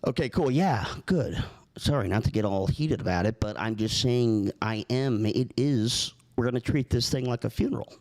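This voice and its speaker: A man's voice: mid-range voice, moderate pace, a little mellow. A man making a prank call, earnest and rambling, keeping a straight face. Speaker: prank caller.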